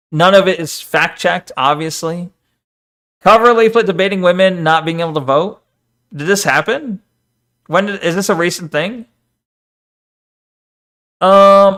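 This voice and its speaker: A man's voice: high voice, pushed and bright, smooth. A streamer chatting casually on a live stream, rambling and arguing as he reads viewers' messages aloud and answers them.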